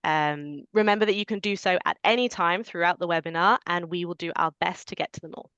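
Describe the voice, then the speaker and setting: A woman moderating an online webinar, giving clear and orderly introductions in a welcoming way. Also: lowish voice, fairly even intonation, fairly quick, fairly bright tone, no room sound, lo-fi sound. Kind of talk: scripted webinar hosting.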